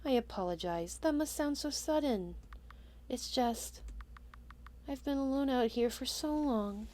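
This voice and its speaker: Woman voicing a soft lonely witch mother. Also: fairly high pitch, very animated, measured pace, slight background noise. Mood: wistful. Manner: soft, tender, wistful. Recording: game music behind.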